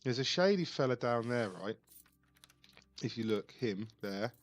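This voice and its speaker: A man's voice: medium pitch, lively intonation, a little slow, dry recording. Man musing over a game. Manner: thinks aloud, reads on-screen text, puzzled asides. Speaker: let's play host. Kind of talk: casual gameplay commentary.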